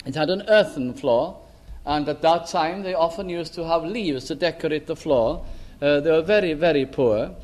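An older man from Wales giving an earnest sermon testimony, pleading with his hearers and dropping to a hush on solemn words. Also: a little high, normal speed. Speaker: preacher.

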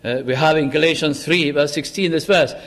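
A man preaching a sermon in church, earnest, slowing down and lifting his voice on the words he stresses. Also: fairly high pitch, fairly bright tone. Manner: earnest, slows down and rises for emphasis.

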